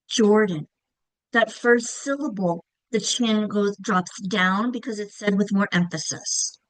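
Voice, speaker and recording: In a teacher training lesson, a woman with a fairly high voice patiently teaches reading instruction, often checking in with "okay?" and "right?" and demonstrating words by whispering, clapping, and calling them out. The recording is dry and low-quality.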